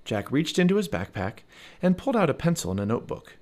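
A man narrating a children's storybook aloud as a parent, with an expressive read-aloud delivery. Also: fairly high pitch, quick pace.

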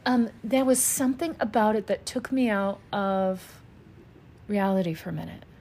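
A woman's voice: medium pitch, normal speed, a little mellow. A woman from Louisiana co-hosting a podcast, telling stories in talkative casual chat. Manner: talkative, storytelling with fillers. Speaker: podcast co-host.

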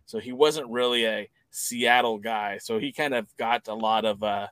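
A man's voice: on the low side, moderate pace, a bit bright, dry recording. A man co-hosting a podcast, talking casually in a rambling, opinionated way that often corrects itself mid-sentence. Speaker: podcast co-host. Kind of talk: casual chat.

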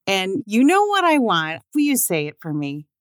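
A woman's voice: medium pitch, huge pitch swings, normal speed, clear, resonant tone, dry recording, studio quality. A woman co-hosting a casual podcast chat, eager and enthusiastic. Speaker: co-host.

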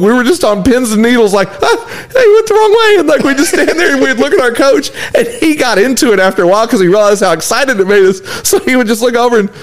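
A young man co-hosting a casual podcast, telling stories with lots of laughter and acted-out quotes. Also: very high-pitched. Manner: laughs often, acts out quotes animatedly. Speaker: podcast co-host. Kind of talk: casual chat.

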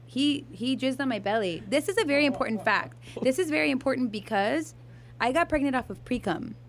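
A woman's voice: high-pitched, animated, brisk, a little hiss or hum. Candid young woman telling a story. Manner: candid, swears freely, many fillers and restarts. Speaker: podcast guest. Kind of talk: casual storytelling chat.

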